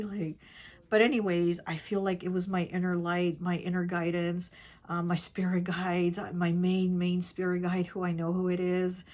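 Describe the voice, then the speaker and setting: A woman tarot reader telling a personal story in casual chat, rambling and repeating herself, often dropping to a soft, hushed voice. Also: fairly low pitch. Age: adult with children. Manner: rambling, repeats herself, many "like" and "you know".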